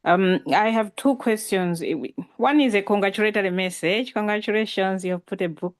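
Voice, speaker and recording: A woman's voice: medium pitch, moderate pace, dry recording. A woman asking questions on a video call, polite and apologetic.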